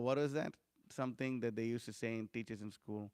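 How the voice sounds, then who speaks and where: A man giving an informal scripture lecture, talking conversationally with frequent fillers and animated storytelling. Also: medium pitch, fairly quick, clear, resonant tone, no room sound, studio quality. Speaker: scripture class speaker.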